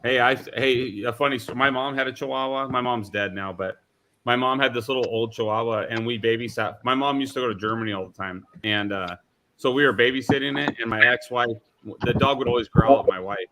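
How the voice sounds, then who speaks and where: A man hosting a live online chat about making things, telling animated, rambling stories with many restarts. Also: mid-range voice, brisk. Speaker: host of a live maker chat. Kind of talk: casual chat.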